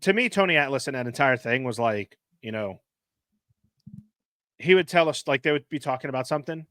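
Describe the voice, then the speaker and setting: Lively male podcast co-host, conversational, dry close sound, expressive pitch. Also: brisk, dry recording. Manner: animated storyteller, high squeaky put-on voices for jokes. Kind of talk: casual chat.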